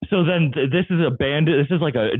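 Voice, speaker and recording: Guy comedian telling crazy stories, keeps laughing, kinda high voice, sounds like a phone call. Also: fast talker, dry recording. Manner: laughs often while telling stories, excitable. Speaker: comedian guest. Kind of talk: casual storytelling chat. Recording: tinny phone-like line, dry.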